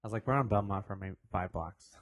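A man's voice: on the low side, fast, dry recording, clean studio sound. A man co-hosting a podcast, chatting casually with joking banter. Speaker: podcast co-host. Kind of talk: casual chat.

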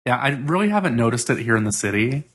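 Husky voice, casual podcast chat, rambling, lots of ums. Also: mid-range voice, very animated, fast, fairly bright tone. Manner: rambling, filler-heavy. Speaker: podcast co-host.

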